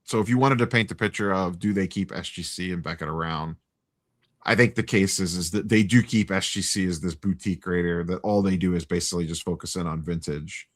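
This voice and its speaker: A man's voice: low-pitched, fairly quick. A man on a casual livestream panel, laying out market reasoning in an analytical way. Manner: analytical, lays out market numbers.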